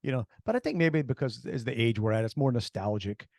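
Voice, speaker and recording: A middle-aged man co-hosting a casual talk show, animated and jumping between topics. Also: medium pitch, fairly quick, no room sound, studio quality. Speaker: co-host. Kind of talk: casual chat.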